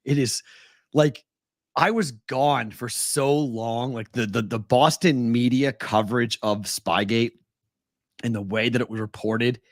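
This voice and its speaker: Male podcast co-host, mid pitch, dry close mic, excited restarts. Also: measured pace, dry recording. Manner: animated storytelling with many restarts and laughs. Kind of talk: casual sports chat. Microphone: remote video call.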